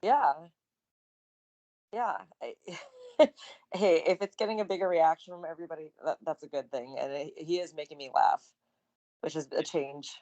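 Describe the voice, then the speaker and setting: A woman's voice: deep voice, moderate pace, long pauses, mellow. A woman co-hosting a wrestling podcast in casual chat, often laughing and trailing off mid-thought. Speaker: podcast co-host.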